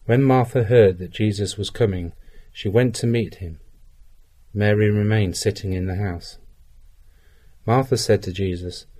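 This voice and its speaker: A man reading a Gospel passage aloud in a measured, even way. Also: fairly low pitch. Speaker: scripture reader.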